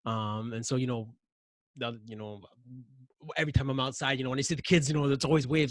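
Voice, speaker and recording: A man, a podcast guest, telling casual anecdotes in an animated way, acting out his own raised voice. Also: medium pitch, quick pace, dry recording, clean studio sound. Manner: animated, acts out yelling in anecdotes. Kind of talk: casual interview storytelling.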